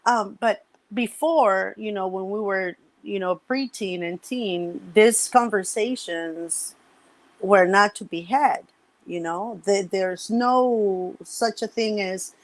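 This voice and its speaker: A woman's voice: mid-range voice, takes it slowly. A middle-aged woman chatting as a podcast guest, telling stories with acted-out quotes and frequent laughter. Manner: lively storyteller, acts out quotes, laughs often. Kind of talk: casual podcast chat.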